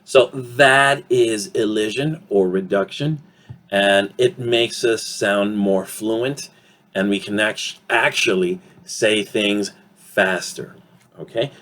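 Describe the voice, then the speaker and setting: A man teaching an online English pronunciation lesson, slow and deliberate, often ending points with "okay?" and filling pauses with "um". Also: lowish voice, a bit bright.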